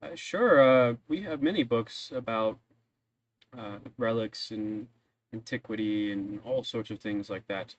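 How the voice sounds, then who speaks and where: A man's voice: on the low side, unhurried, highs cut off, a little hiss or hum, natural voice. A man voicing a polite, fussy older male librarian with old-fashioned formal manners in a tabletop game. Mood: helpful.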